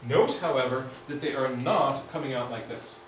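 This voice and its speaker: A man's voice: mid-range voice, moderate pace. Enthusiastic man teaching drawing, far from mic. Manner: enthusiastic, conversational, acts out inner voices. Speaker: nature drawing instructor. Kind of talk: lively teaching talk. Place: club meeting room. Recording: echoey room, mic far off, faint hiss.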